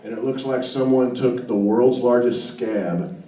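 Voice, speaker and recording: A man's voice: mid-range voice, a little slow, mellow. A man with a wry, rambling, self-deprecating way of telling a story between songs at a live show. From United States. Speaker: singer-songwriter performing live. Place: live venue with audience. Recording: roomy live recording from a distance, crowd audible.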